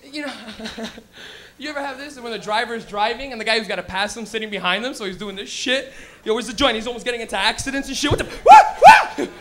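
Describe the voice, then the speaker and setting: A man's voice: extremely high pitch, quick pace, noisy background. A man doing a brash, profane stand-up routine, acting out characters' voices as he hosts a live comedy lounge.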